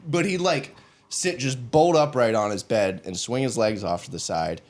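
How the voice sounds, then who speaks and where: A man's voice: medium pitch, moderate pace, darkish tone, a little hiss or hum. A man from the United States co-hosting a podcast, telling basic training stories in a casual, profane way and laughing often. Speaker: podcast co-host. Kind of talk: casual storytelling chat.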